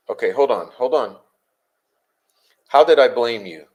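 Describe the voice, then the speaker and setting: A man hosting a livestream, answering his chat in an exasperated, confrontational rant full of swearing and rapid-fire rhetorical questions. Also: medium pitch, lively intonation, a little mellow. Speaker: livestream host.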